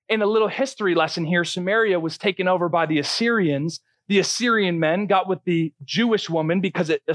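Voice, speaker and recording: A man's voice: sits high, a bit bright, dry recording. A man preaching a sermon as a pastor, earnest and teaching, often restarting his sentences.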